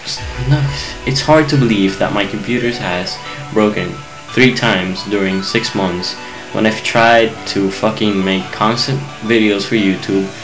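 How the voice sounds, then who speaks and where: A man's voice: on the low side, a little slow, few pauses, over music, low-quality recording. A young man venting in a casual vlog rant to his viewers, angry, rambling and swearing a lot. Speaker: YouTube gamer venting to viewers.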